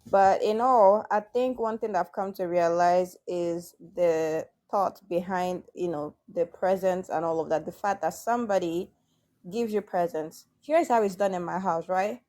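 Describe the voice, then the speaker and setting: A woman's voice: lowish voice, warm tone. Reflective woman guest sharing her view. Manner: reflective, often stretches words out slowly. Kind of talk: casual chat, sharing opinions.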